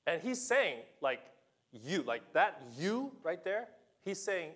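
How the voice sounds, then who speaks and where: Animated male preacher acting out scripture. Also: sits high, takes it slowly, breathy edge. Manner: animated, acts out Bible dialogue with laughs and asides. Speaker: pastor. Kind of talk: sermon.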